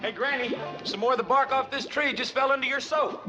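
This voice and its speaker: A young actor playing an eager, dim hillbilly young man with a rural Southern accent and a loud hollering manner, in a 1960s sitcom. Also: very high voice, brisk. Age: young adult. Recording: muffled 1960s TV soundtrack with music.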